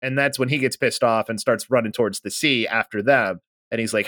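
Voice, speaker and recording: A man co-hosting a podcast, casually recapping a manga and acting out the characters' lines with lively energy. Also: medium pitch, a little fast, few pauses, no room sound, studio quality. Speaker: podcast co-host.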